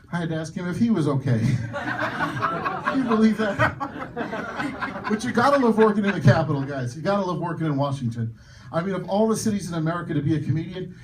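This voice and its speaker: A man doing a stand-up comedy set in a club, loud with the crowd and self-mocking in his punchlines. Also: fairly high pitch, recorded from a distance, noisy background.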